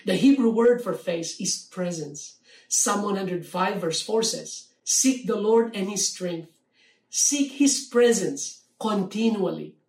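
Preacher, measured sermon, slows for scripture, distant mic, roomy echo. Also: medium pitch, a little mellow.

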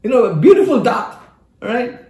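High-voiced Filipino preacher telling a story. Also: male voice, moderate pace, reverberant. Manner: animated storyteller mixing Tagalog and English. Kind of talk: sermon storytelling.

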